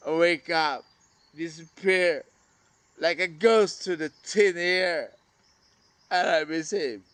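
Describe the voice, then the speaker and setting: A man vlogging an emotional, rambling monologue about missing his brother, swearing and swinging between loud outbursts and hushed murmurs. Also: a little high, takes it slowly, dry recording.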